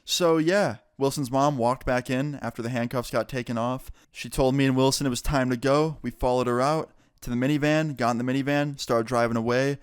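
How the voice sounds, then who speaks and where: A man's voice: mid-range voice, a little fast, few pauses, clean tone, no room sound, studio quality. Swearing young man telling a story. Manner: casual, swearing, animated storytelling. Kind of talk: storytime vlog.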